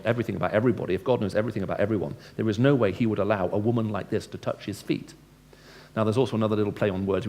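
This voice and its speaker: A fairly low, slightly mellow male voice comes through over slight background noise. This Christian speaker addresses a live audience in a lecture-style evangelistic talk, chatting conversationally, asking questions, and voicing dialogue with varied tone.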